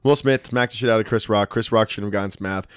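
A man talks quickly in a fairly low voice, swearing freely and throwing himself into animated stories. The sound is dry and close, with little room around it. He tells his stories with a co-host's easy confidence. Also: clear, resonant tone, dry recording. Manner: profane, animated storytelling. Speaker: podcast co-host, martial arts school owner. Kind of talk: casual chat.

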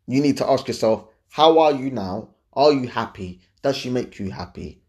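A man's voice: medium pitch, moderate pace. Blunt young man giving advice. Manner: blunt, animated, repeats points, slangy. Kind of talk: casual advice talk.

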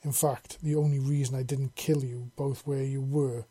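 A man voicing a gruff, scarred alien warrior judge. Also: mid-range voice, flat delivery, normal speed, dark tone, no room sound, natural voice. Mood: contemptuous. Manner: cold, threatening pronouncements. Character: massive scarred male alien warrior judge, stern and contemptuous.

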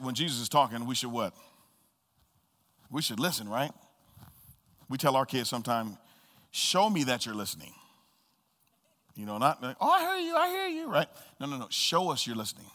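A man preaching a sermon as pastor, swinging between soft low murmurs and high loud calls and repeating key phrases for emphasis. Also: in a large hall. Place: church sanctuary.

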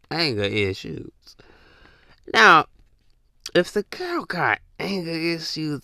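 A man's voice: mid-range voice, bright, forceful tone, no room sound. A young man hosting a podcast, talking in a loose, rambling casual monologue full of slang and emphatic repeats. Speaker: podcast host.

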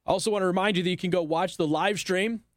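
Fired-up radio talk guy, kinda high voice, sarcastic rant, dry studio sound. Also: steady tone, quick pace, no room sound. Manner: indignant, sarcastic, emphatic. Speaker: radio talk show host. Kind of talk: opinionated talk radio monologue.

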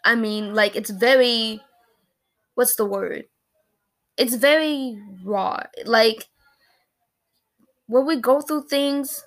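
Taking it slowly and pausing often, a woman with a slightly high voice talks to camera about a personal loss. She is in her early 20s, and her casual talk is emotional and rambling, with lots of fillers and restarts.

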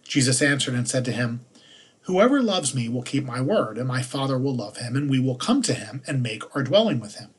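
A man, a priest, reading the day's scripture passages aloud in a measured liturgical manner. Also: mid-range voice, sing-song, slightly rough.

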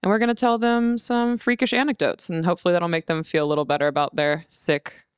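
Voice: medium pitch, steady tone, fast, clean tone, no room sound, studio quality. A podcast co-host in casual chat, reacting eagerly.

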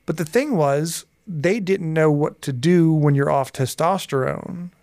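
A man in his forties, a guest on a podcast interview, telling personal stories in a lively way and acting out the dialogue. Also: fairly high pitch, a little slow, no echo, studio quality. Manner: lively storyteller who acts out dialogue. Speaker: guest, hypnotherapist and coach.

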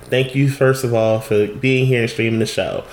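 A man's voice: medium pitch, steady tone. A man co-hosting a casual podcast over an internet call, teasing and joking as he opens the show. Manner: playful, teasing, drawn-out intros. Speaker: podcast co-host. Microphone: remote call, Skype.

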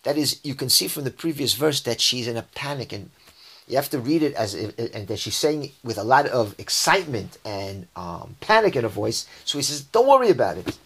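A man's voice: medium pitch, expressive, moderate pace, fairly bright tone, breathy edge. Man teaching scripture verse by verse. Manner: reads Hebrew verses aloud, then explains them in English with frequent restarts. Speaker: Bible teacher.

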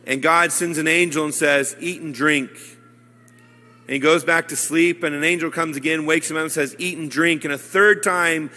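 Bright-voiced priest preaching in a reverberant church. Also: male voice, fairly high pitch, fairly even intonation, normal speed. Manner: conversational storytelling, acting out quoted lines. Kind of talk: sermon. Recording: hall reverb.

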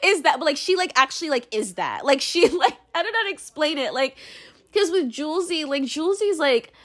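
A young woman from the United States, a commentator, rambles through her opinions in a casual monologue. Her high voice has a sing-song lilt and moves fairly quickly. She's blunt and profane, leaning heavily on "like."

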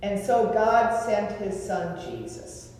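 A woman pastor preaching a sermon in a deliberate way, with rhetorical questions and lists, recorded in a church sanctuary. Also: mid-range voice, darkish tone. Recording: echoey hall from far off.

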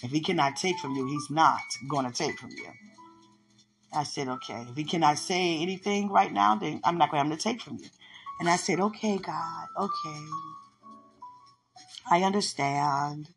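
A woman hosting a podcast, talking casually in an animated, storytelling way, breaking into laughter and playful sing-song lines. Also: deep voice, moderate pace, gravelly, over music. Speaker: podcast host. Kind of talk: casual personal monologue.

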